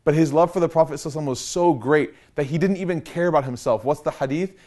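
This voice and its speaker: Brief: young male preacher, quick, animated, slangy storytelling. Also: on the high side. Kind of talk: casual storytelling lecture.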